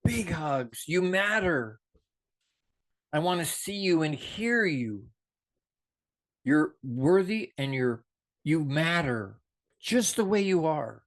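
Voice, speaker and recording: A man's voice: a little high, very animated, takes it slowly, pauses often. Passionate man giving a motivational talk. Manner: passionate, preachy, swings from soft to emphatic. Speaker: motivational show host.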